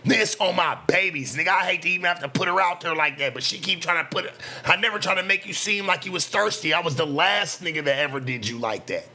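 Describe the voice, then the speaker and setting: A man's voice: high-pitched, bright, forceful tone. A man from the US West Coast, a streamer giving a heated, profane reaction commentary. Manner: profane, heated, rapid-fire ranting.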